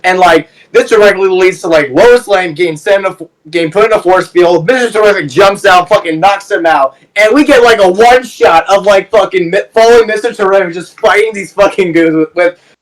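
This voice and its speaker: High-voiced young man, rambling. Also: brisk, far from the mic, poor audio. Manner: rambling, swears a lot, acts out characters. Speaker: movie review co-host. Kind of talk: casual chat.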